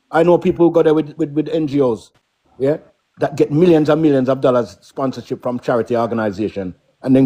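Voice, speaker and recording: A man's voice: medium pitch, warm tone. A middle-aged man with a Caribbean accent, talking emphatically as a guest on a casual live stream, often checking in with "yeah?" and "right?".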